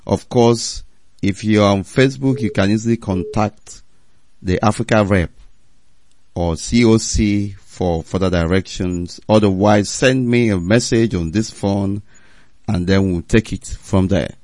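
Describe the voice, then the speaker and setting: A man's voice: fairly low pitch, unhurried, darkish tone. A man hosting a radio call-in show, firm and insistent, repeating his prompts to callers.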